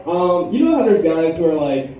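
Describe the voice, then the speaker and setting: A young man performs stand-up in a lounge, his mellow, dark voice picked up from some distance. The room rings with a strong echo and faint noise behind him. He talks loosely, with lots of ums and likes. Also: on the high side, sing-song, normal speed. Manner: laid-back, rambling delivery with many fillers. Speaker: stand-up comedian. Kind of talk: stand-up comedy set. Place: lounge with a live audience. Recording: echoey room, far from the mic.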